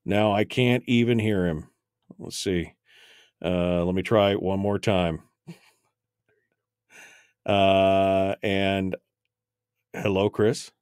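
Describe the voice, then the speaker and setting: Male talk radio host, lower register, casual and flustered live-on-air patter in a dry studio. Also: fairly even intonation, slow, pauses often, a little mellow, smooth, no room sound. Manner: rambling and flustered while fixing broken equipment on air, many restarts.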